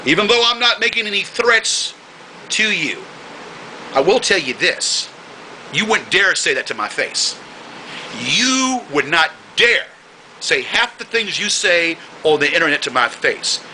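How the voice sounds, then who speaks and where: A man with a high voice rants straight to the camera, hurling insults and repeating himself. His tone is piercingly bright and cutting, and he slows right down to hammer each point home. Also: a little hiss or hum, poor audio. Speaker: video blogger. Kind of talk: angry ranting monologue to the camera.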